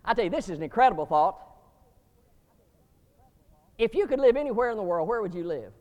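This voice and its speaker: A man preaching a sermon to seminary students, emphatic, with sudden rising bursts and slow stressed words. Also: high-pitched, lively intonation, darkish tone, big-room sound.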